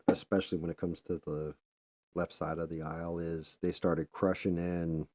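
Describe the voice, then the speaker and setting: A man's voice: deep voice, little pitch movement, unhurried, dark tone, no room sound. A middle-aged man hosting a podcast, telling a rambling, profane story in a casual monologue. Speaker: podcast host.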